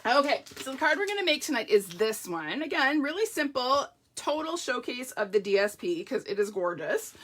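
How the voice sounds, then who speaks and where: A woman's voice: high-pitched, very animated, moderate pace, hardly any pauses, husky. A woman hosting a live craft demonstration, chatting casually and gushing over her supplies while greeting viewers by name. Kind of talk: casual live demo chat.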